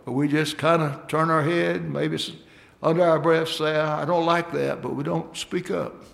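A man's voice: fairly high pitch, fairly even intonation, normal speed, gravelly, fairly bright tone. A man preaching a sermon, folksy and emphatic, calling out for amens from the congregation.

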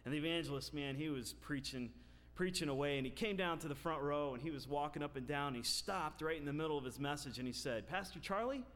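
A pastor preaching a sermon, telling a personal story that builds into loud, emphatic preaching. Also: male voice, a little high, fast talker. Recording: long reverb of a large hall.

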